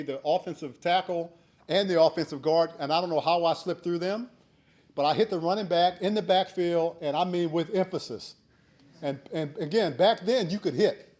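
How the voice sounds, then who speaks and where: A man in his sixties giving a keynote speech, telling a folksy story and becoming animated when he acts out shouted quotes. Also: a little high. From United States. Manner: earnest and urging in advice. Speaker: keynote speaker.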